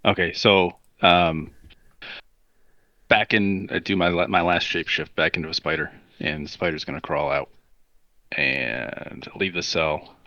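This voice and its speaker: A man playing a tabletop game, speaking hesitantly with many pauses. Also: low voice, fairly even intonation, pushed and bright, no echo, dull audio. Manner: hesitant, full of ums. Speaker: player. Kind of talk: casual tabletop play.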